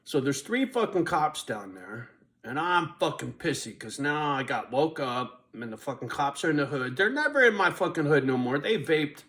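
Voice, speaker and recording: A man's voice: on the high side, very animated, moderate pace, a bit bright. Rambling, foul-mouthed man telling a story. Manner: rambling, swears constantly, laughs at himself. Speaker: vlogger. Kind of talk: casual profane storytelling.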